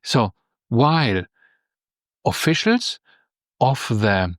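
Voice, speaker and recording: A man's voice: medium pitch, animated, extremely slow, no echo, clean studio sound. A man teaching Greek vocabulary from a news text, explaining words patiently and often checking with "right?".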